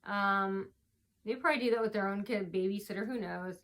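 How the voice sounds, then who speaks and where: A woman's voice: medium pitch, brisk, a bit bright. A woman vlogger telling a long story to camera, rambling with many fillers and restarts, tearful from earlier crying. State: tearful, face swollen from crying.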